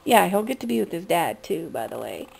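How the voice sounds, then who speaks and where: A woman's voice: lowish voice, very animated, fairly quick, creaky, darkish tone, breathy edge, low-quality recording. A woman vlogger talking in an upset, profane rant, shocked and ranting. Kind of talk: emotional vlog rant.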